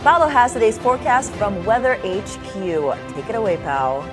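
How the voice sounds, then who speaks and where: A woman's voice: mid-range voice, sing-song, moderate pace, over music. A woman co-hosting a morning TV show in chatty, playful banter. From Philippines. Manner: chatty, giggly.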